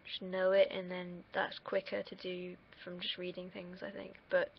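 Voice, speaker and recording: Gravelly young woman rambling. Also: fairly low pitch, completely flat delivery, moderate pace, muffled recording, a little hiss or hum. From United Kingdom. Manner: rambling, wandering off on tangents, casual swearing. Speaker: vlogger. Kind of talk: casual vlog monologue.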